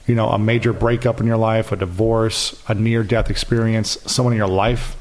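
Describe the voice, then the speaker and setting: A man's voice: fairly low pitch, moderate pace. A man in his thirties, a podcast guest talking earnestly and telling stories about himself. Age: 30s. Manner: earnest, animated storytelling with acted quotes. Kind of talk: casual interview conversation.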